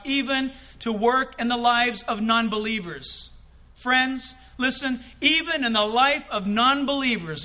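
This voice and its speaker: A male pastor delivering an animated, conversational sermon in a church, with quick asides to the congregation. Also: very high-pitched.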